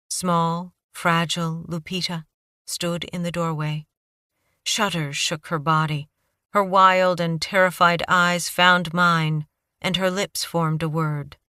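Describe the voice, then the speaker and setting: Low-voiced woman narrating a tense thriller. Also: pushed and bright, dry recording, clean studio sound. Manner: tense, dramatic, clipped phrasing. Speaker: audiobook narrator. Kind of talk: first-person thriller narration.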